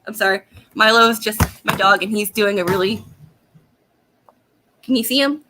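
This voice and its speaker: A woman's voice: mid-range voice, moderate pace, sharp tone, slight background noise. A young woman, ranting angrily and profanely on a casual laptop livestream at home, laughing often. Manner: angry profane rant with frequent laughs. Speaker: vlogger. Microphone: laptop webcam.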